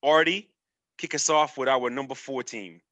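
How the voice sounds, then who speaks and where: A man's voice: medium pitch, moderate pace, fairly bright tone, no room sound. A man with a New York accent hosting a sports podcast, playful and hyping up each segment. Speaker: podcast host. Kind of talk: casual sports chat.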